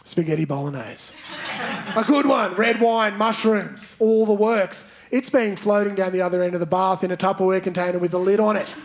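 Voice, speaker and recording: A man's voice: sits high, normal speed. A man performing stand-up comedy in a theatre, teasing audience members and leading the crowd in chants. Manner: playful, banters with audience members, leads chants. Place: large theatre stage. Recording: live theatre recording with crowd noise. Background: audience laughter.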